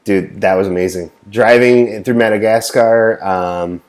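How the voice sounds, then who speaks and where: A man's voice: fairly low pitch, steady tone, a little slow, darkish tone. A man co-hosting a casual gaming podcast, laid-back, laughing easily and asking questions. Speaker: podcast co-host.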